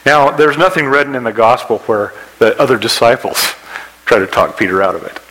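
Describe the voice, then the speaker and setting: Male pastor, sermon, bright tense voice, animated storytelling, hushed prayers. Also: a little fast, poor audio. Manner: storytelling preacher, acts out scenes with rising pitch; drops to a soft hush for quoted prayers.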